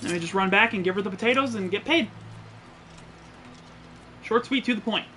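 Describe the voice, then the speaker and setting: A man's voice: high voice, moderate pace, sharp tone, a little hiss or hum. A man streaming a game, giving joking, profane, blunt commentary. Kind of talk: casual gameplay commentary.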